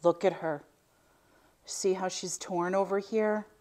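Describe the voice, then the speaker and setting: A middle-aged woman talks through an unboxing in a casual vlog, her voice sitting a little low. She gushes and exclaims often, chatty and warm toward her viewers. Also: fairly even intonation, takes it slowly. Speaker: vintage reseller unboxing finds.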